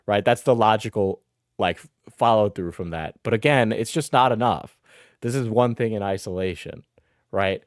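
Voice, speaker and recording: A man's voice: lowish voice, normal speed, dry recording, studio quality. A man streaming live, reacting to videos with mocking, profane commentary and frequent laughter.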